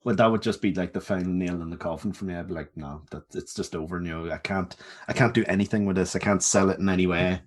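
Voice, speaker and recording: A man co-hosts a movie podcast in a relaxed, easygoing chat. He laughs easily and swears freely. His voice sits a little low. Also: quick pace, few pauses. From Northern Ireland. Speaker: podcast co-host. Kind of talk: casual chat.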